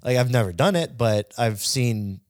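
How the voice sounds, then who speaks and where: A man's voice: mid-range voice, expressive, moderate pace, no room sound, clean studio sound. A man co-hosting a podcast, telling rambling stories in casual chat and swearing now and then. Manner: rambling storyteller, swears, slips into silly voices. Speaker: podcast co-host.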